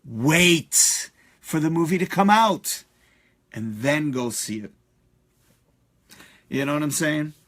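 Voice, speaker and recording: A man hosting a live stream, ranting in a profane, animated way with many fillers. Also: fairly high pitch, slow, pauses often. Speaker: host.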